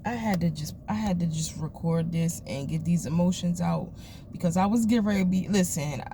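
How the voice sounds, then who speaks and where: A woman's voice: fairly low pitch, darkish tone, a little hiss or hum. A woman, a mother, venting candidly and emotionally in a personal vlog recorded in her car, swearing freely. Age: adult mother of children. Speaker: vlogger. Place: parked car.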